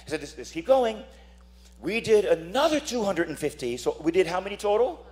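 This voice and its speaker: A man's voice: sits high, big pitch swings, brisk, darkish tone. A man who is a priest, preaching a dramatic sermon, telling stories and acting out voices while asking "Amen?".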